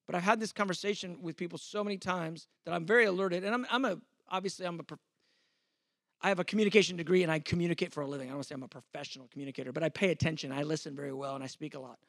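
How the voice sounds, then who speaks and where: A man's voice: fairly high pitch, racing, a bit bright, dry recording, studio quality. A man in his fifties, a pastor, teaching a sermon in a conversational, self-deprecating way, acting out the exchanges he quotes.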